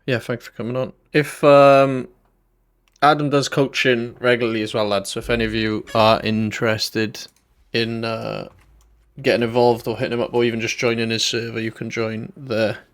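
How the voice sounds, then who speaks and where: A man's voice: medium pitch, flat delivery, moderate pace. A young British man hosting a stream, chatting loosely and addressing his viewers as lads. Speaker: stream host. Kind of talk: casual stream chat.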